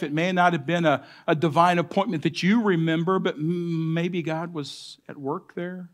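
A man's voice: a little high, steady tone. Earnest man preaching a sermon. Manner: earnest, pausing, varies loudness for emphasis. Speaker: pastor.

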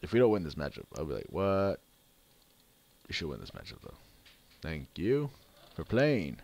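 A man with a very deep, low voice gives casual play-by-play of a mobile card game. He grumbles and complains about his luck as he plays, in an easygoing, off-the-cuff way. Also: huge pitch swings, fairly quick, gravelly, darkish tone. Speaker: gaming channel host.

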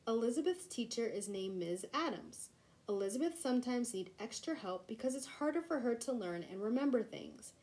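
A woman reading a children's storybook aloud in a gentle, expressive way. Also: fairly high pitch, normal speed, rough recording. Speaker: reader.

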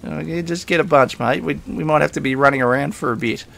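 Gravelly-voiced man rambling over gameplay. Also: a little high, fast talker, a bit bright. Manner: rambling, self-talking, chuckles often. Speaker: gaming host. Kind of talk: casual let's-play commentary.

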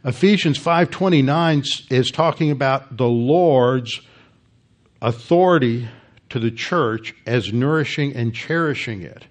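A man's voice: mid-range voice, a little slow. Middle-aged male pastor, mid-range voice, emphatic teaching sermon with frequent restarts. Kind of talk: expository Bible teaching sermon.

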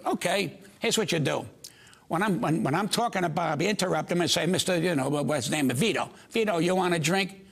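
Older New comedian, gravelly and high-pitched, brash storyteller. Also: male voice, a bit bright. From United States. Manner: brash, rapid anecdotes acting out voices. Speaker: comedian guest. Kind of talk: storytelling on a talk show.

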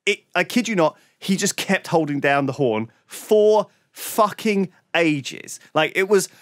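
A man's voice: sits high, animated, unhurried, dry recording, studio quality. A man co-hosting a podcast, telling a long story in casual chat and swearing freely. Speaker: podcast co-host.

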